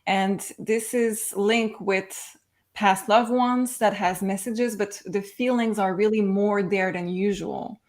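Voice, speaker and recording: Female tarot reader, calm and explanatory, middle pitch. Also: slow. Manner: gentle, explanatory, some hesitations. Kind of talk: tarot reading on a livestream.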